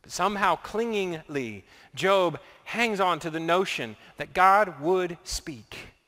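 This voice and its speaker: A man's voice: high-pitched, expressive, slow, pushed and bright. A man preaching a sermon as pastor, earnest and building his points through repetition. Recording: long reverb of a large hall.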